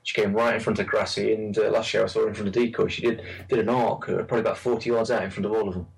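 A man's voice: lowish voice, flat delivery, racing, vocal fry, distant mic, rough recording. A man chatting casually about carp fishing, rambling and repeating words as he tells stories. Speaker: carp angler recalling a lake. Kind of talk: casual chat.

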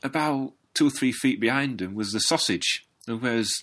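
A man's voice: mid-range voice, moderate pace, bright, forceful tone. A Northern English man chatting casually about fishing, telling stories in a dry, understated way. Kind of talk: casual chat.

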